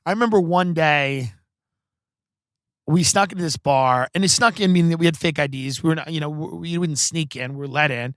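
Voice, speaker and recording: A man's voice: fairly high pitch, brisk, fairly bright tone, no echo, studio quality. A man hosting a podcast, telling comic stories in a casual, profane, rambling way full of "like". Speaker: podcast host. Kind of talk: comedic storytelling.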